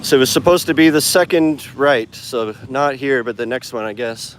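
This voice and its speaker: A man with a mid-range voice speaks at a moderate pace during a casual live stream on a city street. An English teacher and vlogger, he holds his phone camera while walking and rambles with plenty of fillers.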